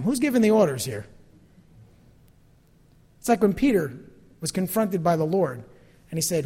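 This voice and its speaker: A man's voice: high-pitched, very animated, moderate pace, long pauses, dark tone, breathy edge, long reverb tail. A pastor delivering a sermon in a church, talking animatedly and acting out the voices of people he quotes.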